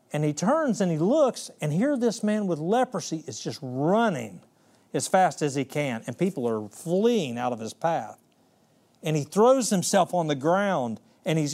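Man preaching with slow dramatic emphasis. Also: fairly high pitch. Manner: storytelling, slow emphatic scripture reading, sudden hushed and quick stretches. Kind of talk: sermon.

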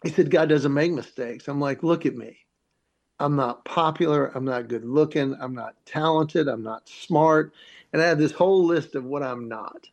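A man's voice: a little high, normal speed, gravelly. A comedian telling his story in an interview, acting out the voices of the people he quotes. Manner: animated, acts out quoted voices. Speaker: comedian guest.

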